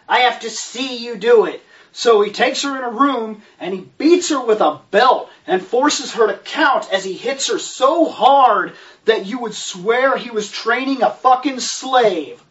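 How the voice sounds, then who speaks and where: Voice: medium pitch, animated, measured pace, a bit bright. A reviewer ranting about a film and book in an exasperated, sarcastic way, swearing heavily. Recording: distant, dull lo-fi recording.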